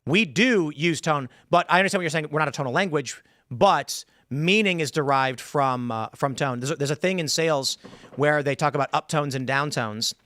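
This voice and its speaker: A man with a slightly high voice hosts a relaxed panel talk show. He talks things through at length, musing aloud over a close, dry studio microphone with no room sound. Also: normal speed, no room sound. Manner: explains at length, muses aloud. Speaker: podcast host. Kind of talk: casual panel chat.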